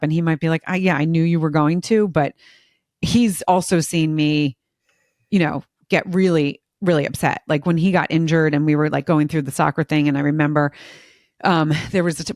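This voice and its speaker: A woman's voice: sits low, dry recording, clean studio sound. A woman in her forties, a mother and podcast co-host, chatting in an open, emotional way and laughing often. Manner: talkative, expressive, laughs often. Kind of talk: casual emotional chat.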